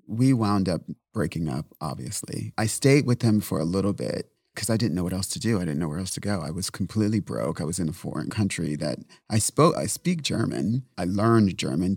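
A man's voice: low voice, lively intonation, a little fast, gravelly, hardly any pauses, darkish tone, husky, no room sound, clean studio sound. A man as an interview guest, telling a personal story candidly and bluntly, with swearing and acted-out quotes. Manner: blunt, profane, rambling retelling with acted-out quotes.

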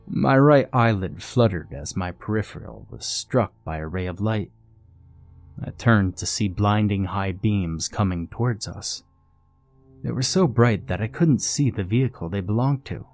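Low-voiced man narrating a horror story. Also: darkish tone.

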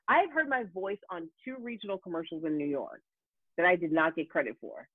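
Animated woman storyteller on a tinny line. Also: mid-range voice, fast, no room sound. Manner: animated storyteller, acts out quoted voices. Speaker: voice actor guest. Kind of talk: casual podcast chat. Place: home in Los Angeles. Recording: tinny phone-like line, dry.

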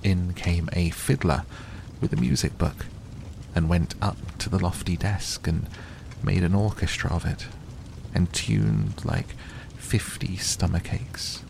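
A man reads a bedtime audiobook in a soft, calm way. His voice is very deep and gravelly, and he takes his time over each phrase, with a faint fire crackle behind him. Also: takes it slowly. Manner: soft, calm, gentle reading. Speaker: audiobook narrator.

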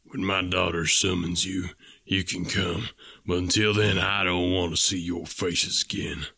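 A man voicing a stern, quick-tempered older male farmer who talks in a gruff, sardonic way. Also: low voice, level tone, pushed and bright, no room sound, clean studio sound, heavily acted. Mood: angry.

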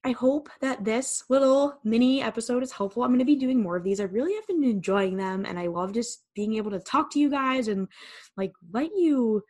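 A woman's voice: mid-range voice, lively intonation, brisk, darkish tone. A woman hosting a solo podcast, talking candidly and casually, swearing freely and repeating words for emphasis into a microphone. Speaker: podcast host. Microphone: studio microphone.

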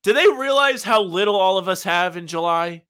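Young man, bright tone, very lively pitch, sarcastic, wry, casual sports podcast co-host. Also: moderate pace, clean tone.

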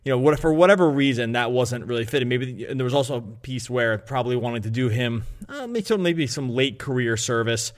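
This man talks a little fast with few pauses, his pitch sitting in the middle range. Co-hosting a sports podcast as its betting analyst, he wanders through casual chat, keeps correcting himself, and lets out chuckles.

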